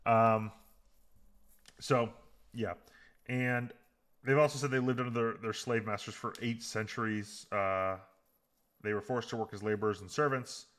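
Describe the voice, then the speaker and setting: Brief: male podcast co-host, bright forceful voice, rambling and filler-heavy, quick to get fired up. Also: mid-range voice. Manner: rambling, filler-heavy, gets heated and animated. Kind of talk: casual chat recapping a TV episode.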